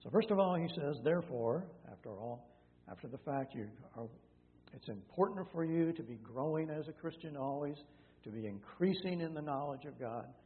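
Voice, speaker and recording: A man's voice: a little high, lively intonation, normal speed. A male pastor teaching through a Bible passage in a conversational way, with many fillers and self-corrections. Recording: tinny phone-like sound in a reverberant hall with faint hum.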